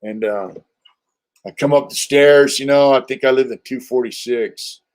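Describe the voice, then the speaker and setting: Streetwise and rambling, this older Californian livestream host spins a story packed with filler words and profanity. His voice sits in the middle range, and he talks at an ordinary pace on a casual stream.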